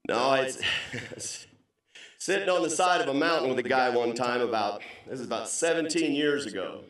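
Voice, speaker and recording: A middle-aged man giving a comedic keynote speech, telling stories in a punchy, joking way with sudden loud outbursts. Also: medium pitch, moderate pace. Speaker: keynote speaker. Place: large banquet hall. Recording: very echoey hall, voice from a distance.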